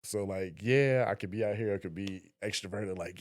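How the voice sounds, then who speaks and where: A young man co-hosting a podcast, telling stories in a casual, animated way and acting out voices. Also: on the low side, normal speed. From Southern West Virginia. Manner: animated storyteller, acts out voices. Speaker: podcast co-host. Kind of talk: casual conversation.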